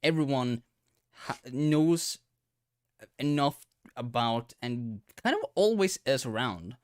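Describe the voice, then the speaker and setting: A man co-hosting a casual podcast, speaking in a hesitant, halting way with dry humor. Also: medium pitch, expressive, clean tone, no echo. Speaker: podcast co-host. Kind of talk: casual chat.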